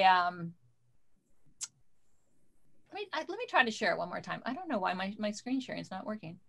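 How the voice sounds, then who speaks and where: A woman's voice: mid-range voice, pushed and bright. A woman quilter chatting casually on a video call, rambling a little while she fiddles with sharing her screen. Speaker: guest quilter.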